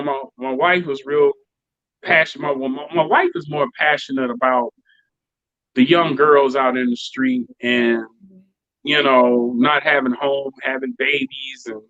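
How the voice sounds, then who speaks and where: A man's voice: mid-range voice, measured pace, no echo. A male DJ and producer from Chicago, chatting in a casual interview and acting out the voices of the people in his stories. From Chicago, United States. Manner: animated, acts out quoted voices. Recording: dry, dull lo-fi sound.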